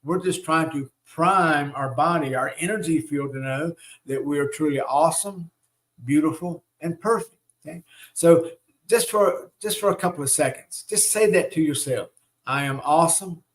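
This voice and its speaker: A man with a slightly raised pitch gives a live spiritual teaching in an encouraging, coaxing way. He keeps checking in with his listeners, adding "right?" and "okay?" after each point. He leads them through chanted affirmations. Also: moderate pace. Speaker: spiritual teacher and show host.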